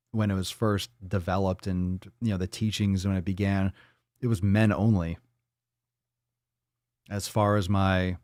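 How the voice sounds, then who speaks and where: Blunt, rambling livestream host, low voice. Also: male voice, a little mellow, no echo, studio quality. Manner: blunt, rambling, swears freely. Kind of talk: casual livestream monologue.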